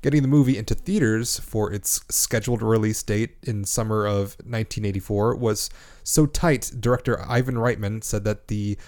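A man's voice: fairly low pitch, steady tone, normal speed, a little mellow. A man from Canada hosting a casual movie podcast, reading trivia notes with lots of fillers and restarts. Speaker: podcast host.

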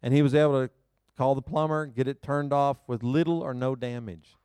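A male pastor preaching a sermon to a congregation, telling a personal story in an animated, self-mocking way and laughing often. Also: medium pitch, a little fast, smooth, no echo, studio quality. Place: church service before a live congregation.

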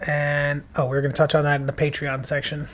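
A young man co-hosting a casual movie podcast, chatty and joking, with quick asides. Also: fairly high pitch, completely flat delivery, fairly bright tone. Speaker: podcast co-host. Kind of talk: casual movie review chat.

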